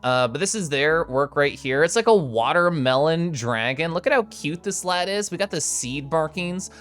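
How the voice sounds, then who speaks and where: With a mid-range voice at normal speed, a young adult streamer goes through fan art in an excitable, playful, casual chat, swearing occasionally and letting out small growly noises.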